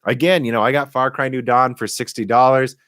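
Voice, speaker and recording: A man's voice: mid-range voice, fairly even intonation, a little fast, a bit bright, dry recording. A young man hosting a casual live stream about tech hardware, talking in a rambling, chatty way and laughing easily. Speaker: tech podcast host.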